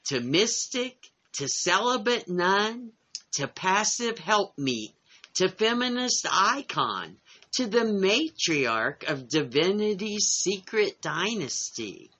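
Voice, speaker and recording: A woman co-hosting a casual chat, reading a passage aloud in a slow, measured way. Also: on the low side, a bit bright. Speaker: co-host.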